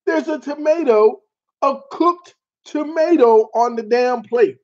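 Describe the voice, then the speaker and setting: High-voiced man telling a lively story. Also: takes it slowly. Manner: animated, laughing, mild cursing. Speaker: show host. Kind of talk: casual storytelling chat. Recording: dull lo-fi sound.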